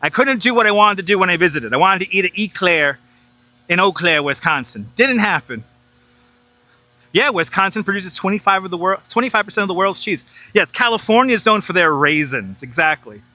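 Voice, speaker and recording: Walking viewers through a large city park on a relaxed live stream, this guide from New York keeps up a stream of chatter, reads their comments aloud and laughs a lot. His voice is high, animated and brisk, with a bright, forceful tone, picked up by a wireless clip-on mic.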